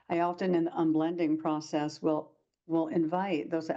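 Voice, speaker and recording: A woman's voice: low voice, level tone, moderate pace, mellow, highs cut off. A woman presenting a workshop lecture to practitioners, talking in a conversational way and acting out short quoted exchanges.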